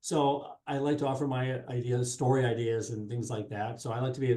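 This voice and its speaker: A middle-aged man talks loosely as a guest, padding his thoughts with fillers and restarting sentences. His voice is mellow and dark, and it is recorded in an echoey room. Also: medium pitch, level tone, brisk. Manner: rambling, many fillers and restarts. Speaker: guest, sports marketing specialist and former TV reporter. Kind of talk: casual interview chat. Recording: roomy echo.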